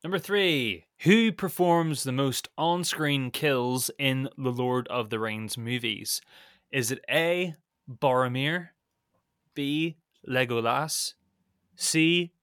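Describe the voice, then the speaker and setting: A man's voice: mid-range voice, slow, fairly bright tone, smooth, dry recording, clean studio sound. A man co-hosting a casual podcast, reading out quiz questions and answer options with a playful lilt.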